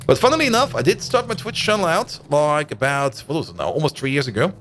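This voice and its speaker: A German-raised man in his thirties with a Dutch-German accent gives casual let's-play commentary, thinking aloud, chatting with viewers and laughing easily. His fairly high voice is very animated, fast and fairly bright, with slight background noise.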